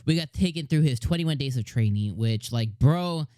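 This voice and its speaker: A man's voice: medium pitch, expressive, normal speed, a little mellow, no echo, clean studio sound. A man hosting an anime review channel, chatting casually, rambling and laughing often as he retells scenes.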